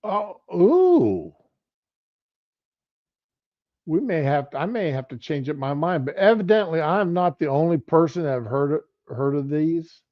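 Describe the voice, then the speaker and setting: A man's voice: fairly high pitch, moderate pace, few pauses. A middle-aged man giving casual political commentary on a livestream, rambling and conversational. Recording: lo-fi stream audio.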